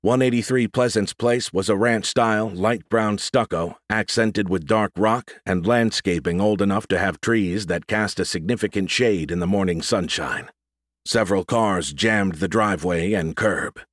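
This is a fairly low-pitched male narrator reading an audiobook at a steady, measured rhythm, captured dry at studio quality.

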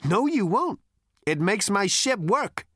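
A man's voice: high-pitched, big pitch swings, takes it slowly, fairly bright tone, dry recording, clean studio sound, voice pushed up, heavily acted. Zaphod, a brash, sneering alien, as a man puts him on. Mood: defiant. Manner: sneering, flippant. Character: brash, cocky two-headed alien man.

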